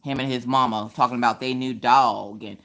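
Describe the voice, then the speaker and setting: A woman in her thirties hosting a live crafting stream, telling stories in a lively, chatty, colloquial way. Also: very deep voice, fairly quick. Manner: animated, chatty storyteller, colloquial. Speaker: craft livestream host. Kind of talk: casual chat and storytelling. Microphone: streaming from home.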